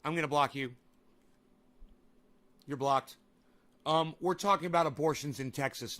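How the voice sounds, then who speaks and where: A young man on a live stream, ranting at his chat in a bright, high voice. He swears freely, mixing sarcasm with open exasperation. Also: unhurried, long pauses. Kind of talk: angry live-stream rant reacting to chat.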